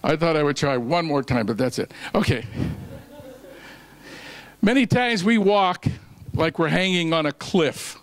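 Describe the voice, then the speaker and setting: A man's voice: a little high, expressive, measured pace, pauses often, low-quality recording. A man preaching a sermon at a ministry meeting, telling a folksy story and quoting scripture, with restarts along the way. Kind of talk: sermon with a joke told along the way.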